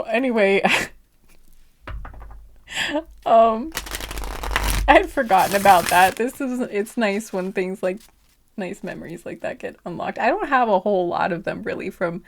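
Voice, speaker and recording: A woman's voice: mid-range voice, lively intonation, unhurried, long pauses. A woman giving a casual tarot reading who rambles, laughs often and makes sassy asides, sometimes dropping to a whisper. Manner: drops to whispers at times. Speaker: tarot reader. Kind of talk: casual chatty monologue.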